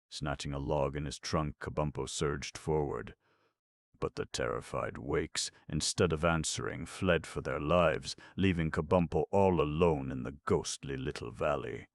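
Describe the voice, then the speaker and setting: A man narrating a children's fantasy audiobook in a steady storytelling manner. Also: a bass voice, a little slow, no room sound. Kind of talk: scripted narration.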